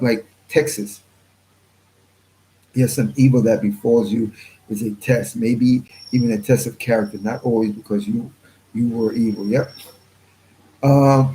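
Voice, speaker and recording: A man hosting his own channel, reading viewer comments in a rambling, blunt way and clearing his throat often. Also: mid-range voice, mellow, rough recording. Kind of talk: casual livestream commentary.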